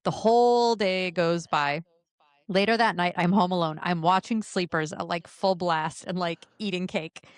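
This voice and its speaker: A woman in her thirties co-hosting a podcast, telling a long story quickly and with animation, acting out the quoted voices. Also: lowish voice, smooth, no echo. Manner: fast, animated storyteller who acts out quotes. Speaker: podcast co-host. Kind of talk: casual chat, animated storytelling.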